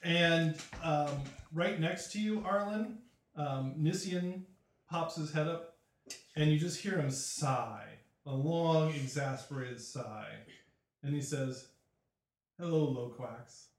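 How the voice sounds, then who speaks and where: A man narrating a tabletop role-playing game as game master, amused and relaxed, with fillers. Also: a little high, slow pace. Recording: echoey room.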